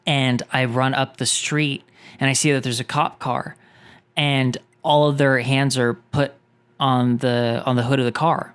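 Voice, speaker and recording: A man's voice: medium pitch, little pitch movement, unhurried, a bit bright, clean tone. A man hosting a casual chat over a video game, telling a long story in a rambling, self-interrupting way. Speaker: host.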